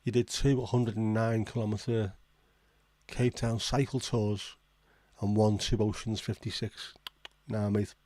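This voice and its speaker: A man's voice: on the low side, flat delivery, a little slow, warm tone, dry recording. A man hosting a casual livestream, reading out viewer comments and reacting with blunt, swearing disbelief. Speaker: livestream host.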